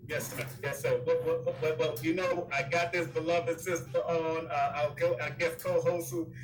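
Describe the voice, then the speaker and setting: A man's voice: a little high, little pitch movement, moderate pace, recorded from a distance, faint music behind, poor audio. A man hosting a casual chat, exuberant and playful, repeating himself as he talks. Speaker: host.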